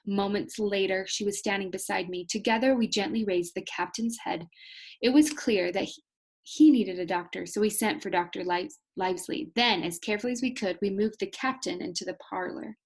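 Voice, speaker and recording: A woman teacher reading a story aloud to students, pausing to explain hard words. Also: medium pitch.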